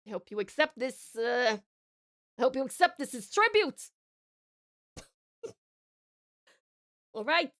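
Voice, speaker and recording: A woman's voice: high voice, very animated, takes it slowly, long pauses, fairly bright tone, exaggerated voice. A woman putting on a playful joke voice while chatting with stream viewers, drawling slang and giggling. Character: woman's put-on silly redeem voice. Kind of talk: livestream chat with viewers.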